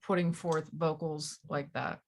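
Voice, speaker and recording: Female co-host, slightly low pitch, curious and giggly. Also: steady tone, a little slow, a little mellow. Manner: giggly, inquisitive. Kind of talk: casual interview.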